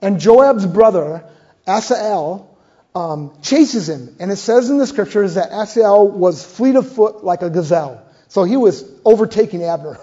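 Older man, preacher, sermon storytelling, husky high voice, muffled lo-fi audio. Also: moderate pace. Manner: animated retelling, acting out dialogue. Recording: muffled lo-fi sound.

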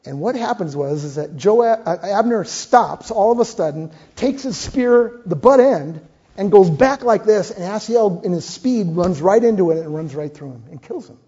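An older man preaching a sermon, retelling a scripture story in an animated way and acting out the dialogue. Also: high voice, normal speed, breathy edge. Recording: muffled lo-fi sound.

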